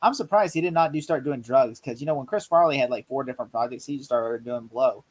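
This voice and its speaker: A man co-hosting a casual movie review chat, rambling excitedly and acting out quotes. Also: mid-range voice, fast talker, low-quality recording. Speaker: podcast co-host.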